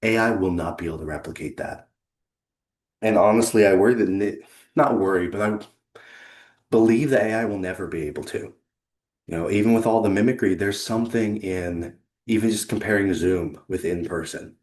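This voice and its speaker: A man giving an earnest, conversational presentation on a video call, pausing for effect. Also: on the low side, a little mellow, echoey room. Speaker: leadership consultant and presenter. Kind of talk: presentation to a remote audience.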